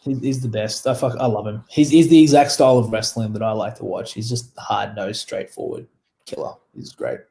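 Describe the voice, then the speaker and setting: A man's voice: on the low side, fairly even intonation, a little fast, gravelly, dark tone. Laid-back Australian man telling stories. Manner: rambling, laughing, frequent swearing. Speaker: guest wrestler. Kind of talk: casual interview storytelling.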